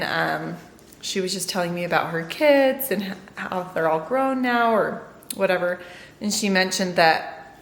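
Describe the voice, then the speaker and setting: Sex: woman. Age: middle-aged. Style: casual vlog storytelling, chatty and rambling. Pitch: slightly low. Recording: roomy, with faint background noise. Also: a bit bright. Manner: chatty, rambling, with many fillers. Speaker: family vlogger.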